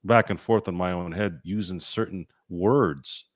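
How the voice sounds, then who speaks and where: A man's voice: deep voice, unhurried, dry recording, studio quality. A man co-hosting a casual sports podcast, ranting bluntly and opinionatedly, with casual swearing. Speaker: podcast co-host.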